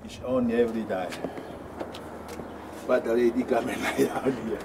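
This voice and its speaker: A man speaking in halting, broken English outdoors near a carport. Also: mid-range voice, fairly even intonation. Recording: distant voice, loud street noise.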